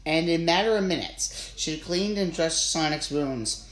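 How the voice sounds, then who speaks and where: Audiobook narrator, steady storybook delivery, middle pitch; roomy echo. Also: normal speed. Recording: roomy with faint ambience.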